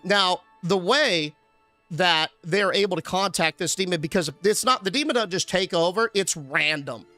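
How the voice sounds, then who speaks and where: A man's voice: sits high, dry recording. A male streamer recapping a horror film in a casual, sarcastic rant, cursing now and then. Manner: animated, sarcastic, swears casually.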